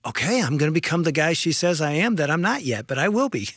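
Earnest, lively man co-hosting a talk show. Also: a little high, fast, dry recording, studio quality. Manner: earnest, animated, preacherly. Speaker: radio show co-host. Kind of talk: casual conversation.

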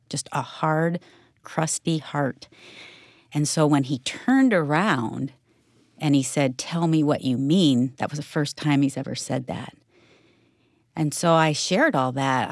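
Candid woman with a gravelly edge. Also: deep voice, no echo, studio quality. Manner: candid, emotional retelling. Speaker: co-host, wife of the other speaker. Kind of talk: personal testimony in conversation.

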